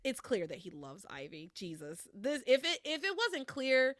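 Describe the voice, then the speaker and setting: A woman hosts a casual podcast chat, her fairly high voice swinging widely in pitch as she recaps. She laughs often and swears casually. The sound is dry and close, with no room echo. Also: big pitch swings, moderate pace, fairly bright tone. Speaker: podcast host recapping a soap opera.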